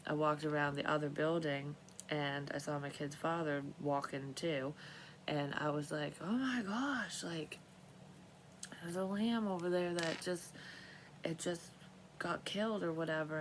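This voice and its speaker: A woman's voice: sits low, slight background noise, poor audio. A woman telling her dreams in a casual, rambling monologue, swearing freely and often trailing off and restarting. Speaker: vlogger sharing dream readings.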